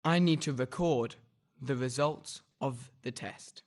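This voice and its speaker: Male actor for a friendly student who wants compromise; easy, unhurried read. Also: mid-range voice, close to an everyday voice. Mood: plain. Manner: friendly, even-handed. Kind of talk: scripted textbook dialogue.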